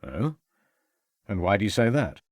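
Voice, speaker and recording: A composed police inspector answers in short, measured, polite lines, as a male narrator voices him. His voice moves freely in pitch and sits close and dry in an audiobook recording. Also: very animated, no room sound.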